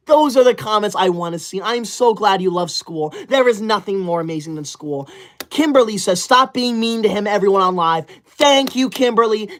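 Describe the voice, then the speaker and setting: A man hosting a livestream reads donors' super chats in a high, fairly bright voice. He keeps thanking them over and over with hype-style theatrics, swinging between overblown gratitude and mock outrage.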